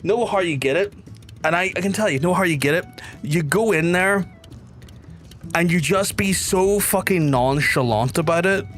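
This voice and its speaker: A man from Belfast with a softened Belfast accent, streaming a game and chatting casually with viewers in a rambling way, repeating phrases and swearing now and then. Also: high-pitched, normal speed, faint music behind. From Belfast, Northern Ireland. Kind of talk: casual livestream chat with viewers.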